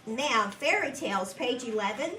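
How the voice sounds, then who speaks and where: A woman teacher leading a guided reading lesson with young children in a classroom, patient and encouraging, speaking slowly and clearly. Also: on the high side, expressive, sharp tone. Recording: echoey room from a distance, background noise.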